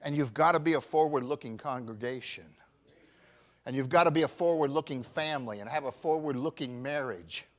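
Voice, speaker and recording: A pastor in his fifties preaching a sermon, swinging from shouted emphasis to quiet, personal confession. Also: medium pitch, a little fast. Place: church.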